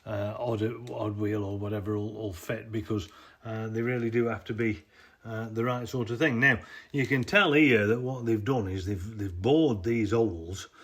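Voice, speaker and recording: A man's voice: fairly low pitch, fairly even intonation, moderate pace, fairly bright tone, breathy edge. A man filming himself beside a jacked-up off-roader, talking through his work in a rambling, self-correcting way on a handheld camera. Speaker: vehicle owner showing his work. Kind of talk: casual hands-on how-to vlog. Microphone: handheld camera he films with himself.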